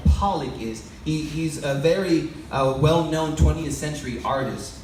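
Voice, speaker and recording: A man's voice: a little high, a little slow, darkish tone. A man giving a sermon-like storytelling talk to an audience, loose and conversational, often asking the crowd questions. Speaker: speaker addressing an audience. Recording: echoey hall, mic far off, faint background noise.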